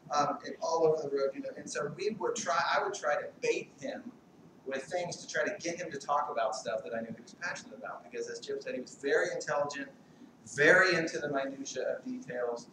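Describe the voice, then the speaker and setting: A middle-aged man, a family friend, delivers a eulogy in a large hall at a memorial service. His mid-pitched speech is halting and meandering with gentle humor and many fillers, picked up by a distant mic in an echoey room with background noise.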